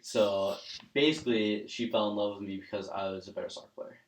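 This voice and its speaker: A man's voice: fairly low pitch, steady tone, a little fast. A teenage man co-hosting a podcast, chatting casually, teasing his co-host and jumping in with corrections. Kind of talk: casual chat. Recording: echoey room with faint noise.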